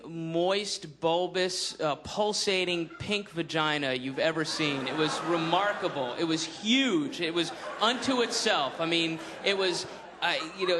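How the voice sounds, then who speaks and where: A man telling a rambling stand-up story, animated and laughing at his own jokes. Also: high-pitched, noisy background. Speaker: stand-up comedian.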